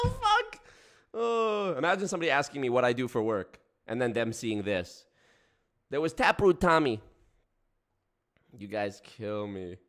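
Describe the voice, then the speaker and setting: Lively laughing male streamer. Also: mid-range voice, measured pace, long pauses. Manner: breaks into frequent laughter, swears casually. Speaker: streamer host. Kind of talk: casual livestream chat reacting to viewers.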